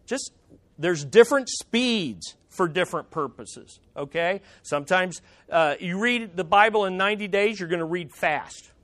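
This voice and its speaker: A man's voice: high voice, expressive, a little slow, a bit bright. A middle-aged man preaching a sermon in a conversational, emphatic way, often repeating his phrases. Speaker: pastor.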